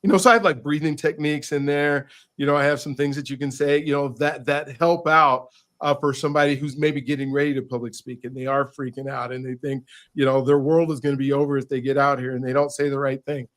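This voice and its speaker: A man, an author and podcast guest, telling a story in an animated, casual way and often repeating words as he restarts. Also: medium pitch, fast talker.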